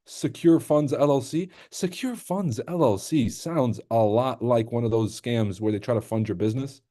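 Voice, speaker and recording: A man's voice: mid-range voice, moderate pace, hardly any pauses, warm tone. A young man hosting a casual trading livestream who jokes, swears a lot and reacts to chat comments as he goes. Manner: joking, profane, reacts to chat.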